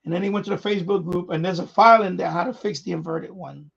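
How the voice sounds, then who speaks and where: A man's voice: high voice, fairly even intonation, fast, vocal fry, breathy edge, dull audio. A man hosting a radio hobby live stream, chatting casually in a rambling way, repeating himself and chuckling often.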